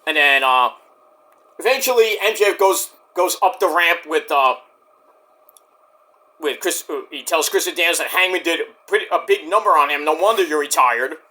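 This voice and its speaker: A man's voice: a little high, normal speed, long pauses. A man giving a casual, profane recap of a wrestling show, acting out the wrestlers' lines as he goes. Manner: profane, excitable, acts out quotes. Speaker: wrestling reviewer.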